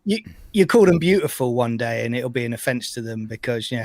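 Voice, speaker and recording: A man at a mid pitch joins a live podcast over a video call, reacting with frequent laughter and quick remarks. His sound is dry and close to the mic. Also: lively intonation, a little mellow, no room sound. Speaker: podcast co-host. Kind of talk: casual live-stream chat.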